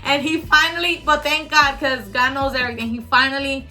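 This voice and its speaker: A woman casually telling a birth story as a vlogger, animated and laughing often. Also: high-pitched, a little fast, faint music behind.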